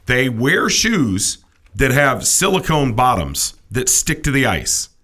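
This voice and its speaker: A man's voice: medium pitch, sing-song, takes it slowly, sharp tone. A middle-aged man co-hosting a casual comedic chat, ranting with opinionated, mock-indignant energy. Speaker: podcast co-host.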